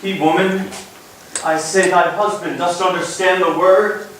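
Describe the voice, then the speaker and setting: A man's voice: high voice, fairly even intonation, measured pace, a bit bright. A man playing a tormented jealous general. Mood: scornful. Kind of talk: stage Shakespeare acting. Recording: roomy hall, distant mic, faint noise.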